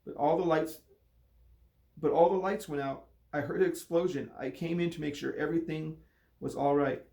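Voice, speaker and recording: A man's voice: a little high, fairly even intonation, moderate pace, gravelly, dark tone, reverberant. A man voicing a puzzled teenage boy who calls out across a gym.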